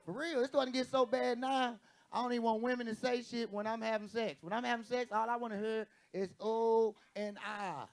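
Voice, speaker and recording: A brash stand-up comedian with a high, gravelly voice works a comedy stage before a live audience, holding a handheld mic. He swears freely and acts out the people in his stories, keeping a level tone at a quick pace.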